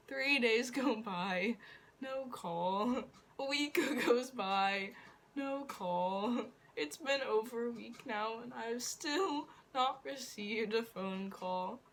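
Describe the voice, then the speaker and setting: A woman's voice: fairly high pitch, extremely slow, a bit bright. A young woman vlogger telling a rambling story, laughing often and poking fun at herself. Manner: giggly, rambling, self-mocking. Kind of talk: casual storytelling.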